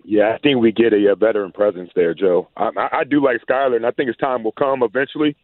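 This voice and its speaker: Former player turned radio analyst, brisk and loose, tinny phone-line sound, dry. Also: male voice, medium pitch, steady tone, no echo. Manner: easygoing, repeats "man" and "you know". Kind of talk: casual sports chat.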